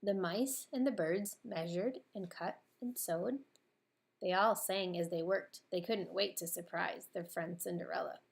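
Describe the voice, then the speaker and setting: A woman's voice: fairly low pitch, a little slow, vocal fry. Woman reading a storybook aloud.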